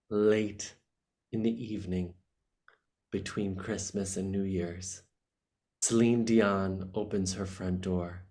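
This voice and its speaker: Brief: crude, jokey male co-host, lower voice, loose casual chat. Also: fairly even intonation, soft background music. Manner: blunt, crude and jokey, with quick swings in loudness. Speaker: comedy podcast co-host.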